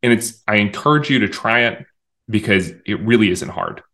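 In a conversational interview, a man who is a communications director talks emphatically and at length about his views, often starting sentences over. His voice is fairly low, his pace normal, and his tone sharp.

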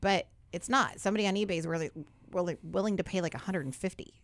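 A woman's voice: fairly low pitch, quick pace. A woman co-hosting a live radio show, chatting casually, asking questions and reacting. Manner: curious, asks questions, reacts a lot. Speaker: co-host.

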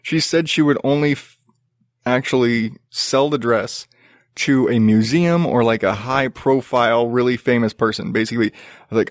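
Man, podcast host, sarcastic swearing rant, mid-pitched voice, dry close recording. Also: normal speed, no echo. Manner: profane, exasperated, sarcastic. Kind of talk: ranting casual commentary.

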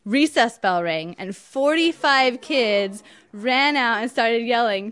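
A woman's voice: on the high side, unhurried, smooth. Young woman telling an indignant personal story. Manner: indignant, emphatic, animated.

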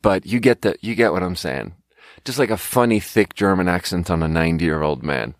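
A man's voice: low-pitched, a little fast, no echo. A man from Sweden hosting a podcast, telling a rambling, profane, self-mocking story in casual monologue. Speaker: podcast host and restaurant server.

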